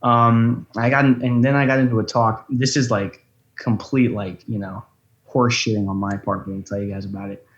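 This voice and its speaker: A man's voice: mid-range voice, level tone, normal speed, echoey room, lo-fi sound. A young man telling travel stories in a loose, rambling way, swearing often. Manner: rambling storyteller, swears a lot. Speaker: guest. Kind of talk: casual chat. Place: room of a rental flat.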